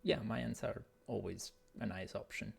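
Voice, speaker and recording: A man's voice: lowish voice, steady tone, unhurried, vocal fry, slightly rough. A man casting an esports match in a casual, hesitant way, thinking aloud with plenty of fillers while speaking over an online voice call. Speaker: esports caster. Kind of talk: casual game commentary. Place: home setup on an online voice call.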